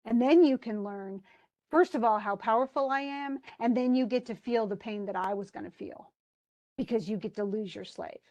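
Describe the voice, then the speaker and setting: A woman's voice: a little high, moderate pace, darkish tone, dull audio, natural voice. A woman voicing a greedy, petulant male king in a casual, exasperated retelling voice. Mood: indignant.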